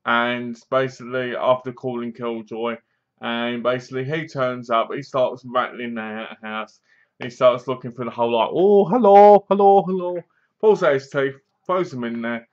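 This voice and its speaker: A man's voice: medium pitch, steady tone, normal speed, a bit bright, lo-fi sound. A man giving a casual spoken review of a film, rambling through the plot with dry, mocking remarks and acting out bits of scenes. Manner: rambling, acts out bits of scenes in funny voices.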